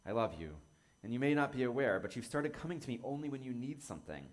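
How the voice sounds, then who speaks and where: A man voicing a gentle, loving tree. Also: mid-range voice, fast talker, close to an everyday voice. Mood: tender. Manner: tender, calm, earnest. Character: gentle loving old tree speaking to a friend.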